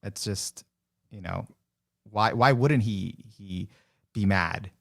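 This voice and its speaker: A man's voice: fairly low pitch, slow, gravelly, fairly bright tone. A man guesting on a podcast, talking casually in rambling turns full of fillers. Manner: rambling, many fillers, laughs often. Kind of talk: casual chat.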